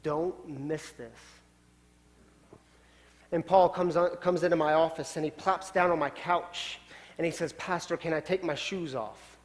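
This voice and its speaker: A male pastor telling a story in a sermon, swinging from loud, urgent lines down to quiet, hushed ones. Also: fairly high pitch, fairly even intonation, normal speed. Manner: dramatic shifts from loud to hushed. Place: church sanctuary. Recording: long church hall reverb.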